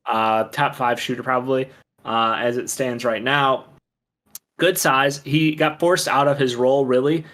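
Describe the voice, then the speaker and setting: Guy cohosting a sports chat, mid pitch, excited and rambly, lots of uhs. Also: unhurried. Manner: enthusiastic, rambling with fillers. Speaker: co-host.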